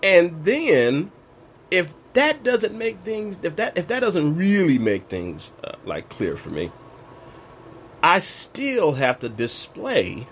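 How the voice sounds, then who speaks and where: Animated man in heartfelt faith testimony. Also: sits high, slow pace, a little hiss or hum. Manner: animated, questioning, acts out dialogue in voices. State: voice strained, recently lost. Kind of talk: emotional personal testimony.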